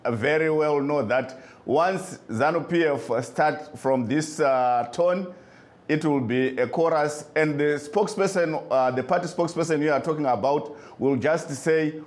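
Calm man hosting radio. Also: a little high, normal speed. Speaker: radio host. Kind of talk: moderating a call-in debate.

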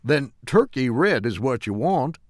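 A man reading a story, voicing a stubborn, calm male upholsterer in a much higher, louder voice. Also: unhurried, no room sound, clean studio sound. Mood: insistent. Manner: insistent, high and loud.

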